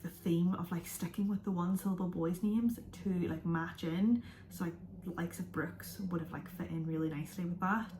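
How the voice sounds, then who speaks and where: A woman's voice: on the low side, darkish tone, a little hiss or hum. A young woman vlogging to camera in a rambling, chatty way, now and then dropping into a whisper. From from outside the USA. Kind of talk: casual chat to camera. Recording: echoey room.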